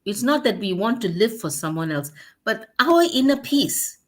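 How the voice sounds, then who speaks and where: A woman's voice: mid-range voice, big pitch swings, moderate pace. A woman hosting a talk show, speaking earnestly and repeating key words for emphasis. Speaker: host. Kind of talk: casual chat.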